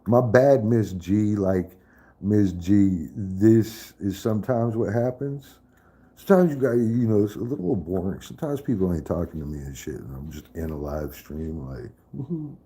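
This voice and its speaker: A man's voice: low-pitched, lively intonation, measured pace, warm tone, breathy edge. A man in a casual live stream chat, profane and trash-talking, laughing often.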